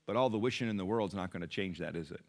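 A middle-aged man preaching a sermon to his church, emphatic and swinging from quiet to loud. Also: sits low, fast talker. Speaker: pastor.

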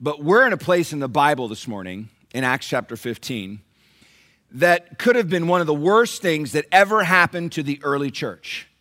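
A man preaches a lively sermon to his congregation, keeps polling them with questions and acting out the scenes. His voice sits a little high and rings bright and forceful. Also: normal speed. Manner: animated, asks the congregation questions. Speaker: pastor. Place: church.

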